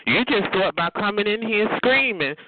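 A woman's voice: mid-range voice, expressive, normal speed. A woman trash-talking over a phone line, taunting and cursing nonstop, with a profane mocking manner. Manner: profane, taunting, calls the other "bitch" and "honey". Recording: tinny noisy phone line.

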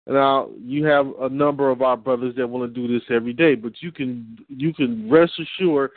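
A man's voice: medium pitch, fairly even intonation, no room sound. Emphatic preaching man, tinny sound. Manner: emphatic, repeats and reads slowly for stress. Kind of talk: preaching lecture. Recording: tinny phone-like audio.

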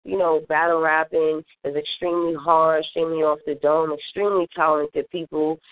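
A woman's voice: low-pitched, flat delivery, normal speed, no echo. A woman rapper answering interview questions in an earnest, upbeat way. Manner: earnest and upbeat, lists things fondly. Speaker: guest rapper. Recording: tinny phone-line audio.

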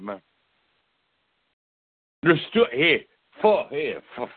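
A male caller ranting in a halting, profane way on a phone line. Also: fairly high pitch, no echo. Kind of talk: angry phone rant.

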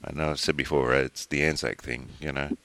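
A man's voice: a bass voice, flat delivery, fairly quick, a bit bright, no echo. A man with an Australian accent hosting a podcast, joking and teasing his co-hosts in casual banter. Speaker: podcast host.

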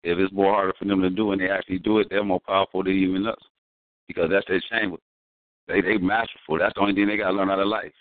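A man's voice: deep voice, level tone, fast talker, no room sound. A man talking casually in slangy speech, telling stories with emphasis. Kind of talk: casual conversation. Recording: tinny phone-like audio.

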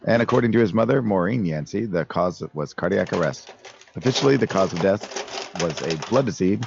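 A man co-hosting a casual podcast, his voice hoarse from being sick, reading notes and laughing often. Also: deep voice, animated, fairly quick, muffled recording, noisy background. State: hoarse from illness. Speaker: podcast co-host. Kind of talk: casual chat.

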